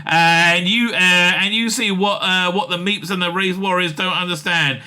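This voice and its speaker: An earnest alien hero gives a stirring speech about connection, voiced by a man reading aloud. The voice is high-pitched and strikingly bright, and the delivery is halting, full of fillers and restarts. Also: fairly even intonation. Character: heroic male time-traveling alien, earnest speechmaker.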